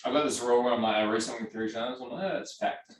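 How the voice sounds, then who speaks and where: A man co-hosting a casual comedy podcast, tossing in dry, deadpan one-liners. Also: mid-range voice, racing, roomy sound, distant mic, poor audio.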